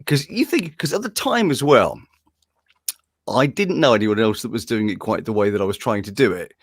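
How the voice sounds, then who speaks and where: A man's voice: fairly low pitch, normal speed, dry recording, clean studio sound. A man, a voice-over artist, telling anecdotes in a casual interview and often laughing. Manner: animated, jumps into impressions, laughs often.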